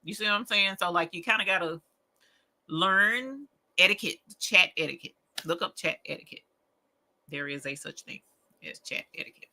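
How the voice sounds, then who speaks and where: A woman's voice: fairly low pitch, moderate pace, pushed and bright. A woman hosting a late-night crafting livestream, chatting to viewers in a rambling, folksy way and laughing often. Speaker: livestream host of a rhinestone crafting show.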